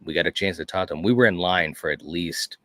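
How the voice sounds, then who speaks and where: Deep-voiced male co-host, enthusiastic rambling storyteller, dry close sound. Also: quick pace, a bit bright, no echo. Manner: enthusiastic storytelling, frequent "you know". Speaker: podcast co-host. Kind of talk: casual chat.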